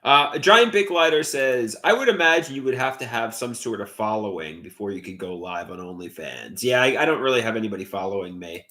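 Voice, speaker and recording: A man's voice: a little fast, few pauses. A young man with a Long Island accent chatting casually on a livestream, rambling and hesitant as he reads out viewer comments. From Long Island, New York. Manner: rambling, hesitant, lively pitch. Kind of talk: casual live stream chat, reading comments.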